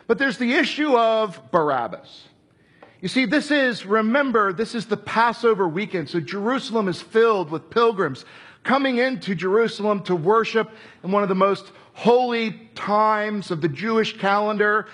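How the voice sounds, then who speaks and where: This man's voice is high and husky, and he speaks at a normal speed while delivering a sermon. He narrates animatedly and imitates the voices of those he quotes.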